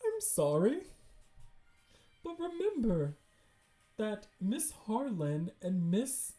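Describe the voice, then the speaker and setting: A woman voicing a kindly, gently worried older mother with a Derry accent, speaking softly and affectionately. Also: medium pitch, sing-song, takes it slowly, faint music behind, pitched above the performer's own voice. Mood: concerned. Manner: soft, affectionate, calls others dearie.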